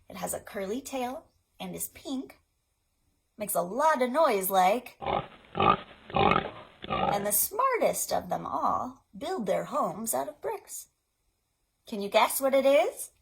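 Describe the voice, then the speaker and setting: A young woman runs an online children's storytime from her home. Her voice is gravelly and husky. She explains each game in a chatty way, then sings the rhymes slowly for the kids. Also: medium pitch, poor audio. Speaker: children's librarian. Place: indoors at home.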